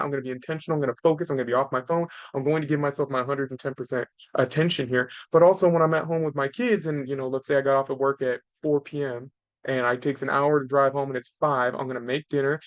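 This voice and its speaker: A man's voice: medium pitch, no room sound. A man in his thirties hosting a podcast, giving casual parenting advice in an earnest way and ending point after point with "right?". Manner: earnest, tags nearly every point with "right?". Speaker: podcast host.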